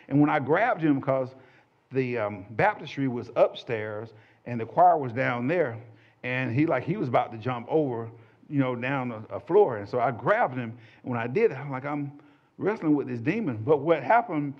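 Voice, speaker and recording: A man recounts a church testimony to a small group, speaking in a folksy, animated storytelling way at a middling pitch. The recording is muffled and lo-fi. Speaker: church minister giving a testimony. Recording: dull lo-fi audio.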